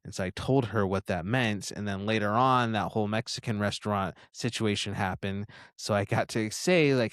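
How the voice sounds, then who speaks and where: A man's voice: lowish voice, normal speed, few pauses, clean tone, no echo, clean studio sound. A young man co-hosting a parenting podcast in casual chat, reflective and self-critical, often repeating his phrases. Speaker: podcast co-host.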